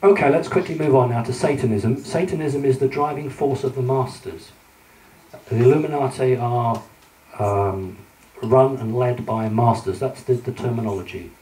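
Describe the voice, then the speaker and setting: A man with a mellow, average-pitched voice addresses a live audience from the front of a room, talking through his slides in a loose, conversational way. He stumbles and restarts often, filling the gaps with ums. The mic sits some distance away in a roomy hall. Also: normal speed, a little hiss or hum. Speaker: public speaker lecturing with slides.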